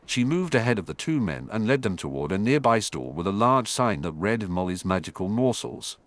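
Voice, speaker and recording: A man reads a fantasy fan fiction audiobook in a steady storytelling manner. His voice is low yet lively in pitch. The recording is dry and close. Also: normal speed, no room sound. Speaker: narrator.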